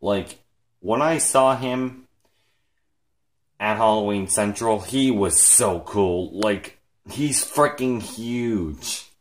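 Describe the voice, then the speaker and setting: Casual vlogger, male, deep and unhurried, rambling, excitable and emotional. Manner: rambling, heavy use of "like" and "frickin'"; excited and emotional, close to tears. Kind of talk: casual vlog talk.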